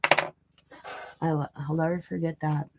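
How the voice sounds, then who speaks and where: A woman hosting a craft channel, casually telling a rambling family story full of asides and lively retold dialogue. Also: low voice, measured pace, no echo. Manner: rambling, chatty, full of "you know" asides; animated when retelling quoted dialogue.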